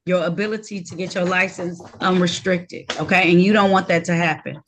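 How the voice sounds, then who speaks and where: A woman's voice: on the low side, steady tone, fairly quick, slight background noise. A woman serving as judge in a court hearing held over a video call, talking in a firm, direct and sometimes scolding way.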